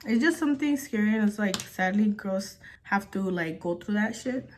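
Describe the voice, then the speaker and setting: A woman's voice: mid-range voice, animated, moderate pace, slight background noise. Chatty young woman vlogger. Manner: chatty, filler-heavy, swears casually. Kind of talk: casual storytelling while doing makeup.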